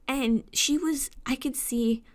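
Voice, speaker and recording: A woman's voice: sits high, slow pace. Young woman venting in an upset rant. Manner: upset, venting, swears a lot, drops into whispers. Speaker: vlogger. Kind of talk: emotional storytime rant.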